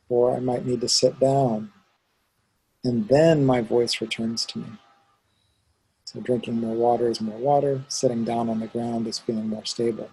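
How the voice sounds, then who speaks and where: Gravelly, husky man teaching pronunciation. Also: medium pitch, a little mellow, low-quality recording. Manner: patient, demonstrating sounds aloud. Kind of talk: one-on-one pronunciation lesson.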